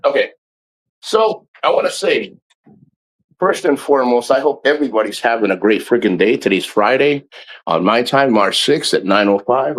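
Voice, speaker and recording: A man's voice: medium pitch, slight background noise. A man chatting casually on his livestream, loose and profane, with plenty of laughter. He rambles and restarts his sentences as he greets viewers and tells stories. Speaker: livestream host.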